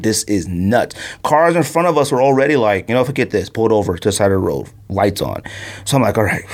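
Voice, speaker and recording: Male podcast host, thirties, animated storyteller, mid-pitch with a very lively range, jumps high for quotes. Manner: excitable, laughs often, acts out quotes in a high voice.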